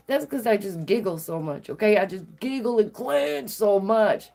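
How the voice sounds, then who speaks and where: A sassy woman vlogger talks straight to her viewers, animated and quick to laugh. Her voice sits at an ordinary middle pitch for a woman. She tells her stories with plenty of attitude. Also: gravelly. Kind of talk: casual storytelling to viewers.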